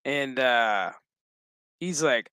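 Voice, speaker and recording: A man recaps a TV episode casually, swearing freely and cracking jokes as he tells it with animation. His mid-range voice is smooth and very slow.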